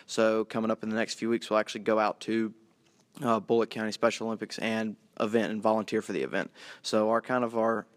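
A man's voice: fairly low pitch, fairly bright tone, no room sound. A young man, a college student guest, politely explaining his group's charity work. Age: young adult. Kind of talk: interview answers.

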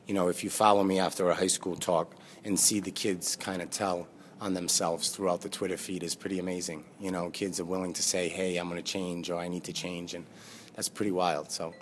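Low-voiced man, earnest and halting. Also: fairly even intonation, a little hiss or hum. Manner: earnest, halting with fillers and restarts. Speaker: guest, former pro basketball player. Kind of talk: conversational interview. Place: live studio with audience.

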